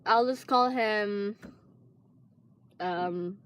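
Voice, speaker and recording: A woman's voice: mid-range voice, very slow. A teenage girl casually telling a long personal story, rambling with lots of fillers and restarts. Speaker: vlogger.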